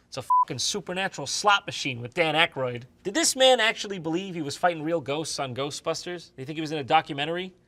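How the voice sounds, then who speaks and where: A man's voice: fairly high pitch, bright, forceful tone. A man hosting a comedy review, ranting with sarcastic exasperation. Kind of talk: comedic commentary.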